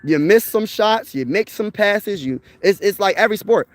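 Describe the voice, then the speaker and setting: A man's voice: high voice, expressive, normal speed, dry recording, soft background music. Fired-up young man ranting casually. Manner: emphatic, rambling, peppered with "bro" and "man". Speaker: sports channel host. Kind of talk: casual sports chat to viewers.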